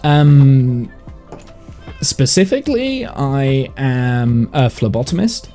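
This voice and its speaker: Mellow-voiced Englishman with soft RP accent. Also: medium pitch, animated, measured pace, faint music behind. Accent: English, received pronunciation mixed with Midlands/northern. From Midlands of England. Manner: rambling and thinking aloud, many fillers and restarts. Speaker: live streamer reading chat. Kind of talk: casual chat while gaming.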